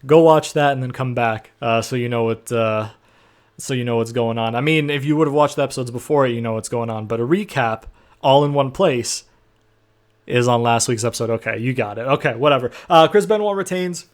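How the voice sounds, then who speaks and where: A man's voice: mid-range voice, brisk. A young man casually recapping a wrestling game session, rambling with lots of fillers and the odd swear word. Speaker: gaming video host.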